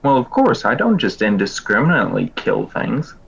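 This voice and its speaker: A man's voice: mid-range voice, big pitch swings, normal speed, gravelly, fairly bright tone, slightly rough, muffled recording. A man playing a tabletop game, speaking in a dry, matter-of-fact way. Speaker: player. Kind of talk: casual tabletop role-play.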